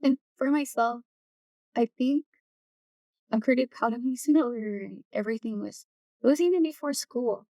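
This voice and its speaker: A woman, a community knowledge keeper, speaking softly in an interview and searching for her words. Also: a little high, normal speed, pauses often, no echo, lo-fi sound. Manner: soft-spoken, searching for words. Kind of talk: casual interview talk. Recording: distant mic, dry room.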